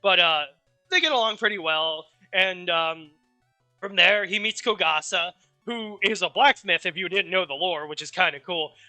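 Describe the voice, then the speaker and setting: A man streamer casually recapping a story, rambling and animated, with offhand swearing. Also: high-pitched, moderate pace, no echo, soft background music.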